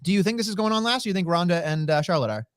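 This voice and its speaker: Male podcast co-host, rambling and stammering, lively pitch swings, dry mic. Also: rapid-fire, clean tone, no echo. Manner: rambling, stammering restarts, swears. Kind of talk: casual wrestling chat.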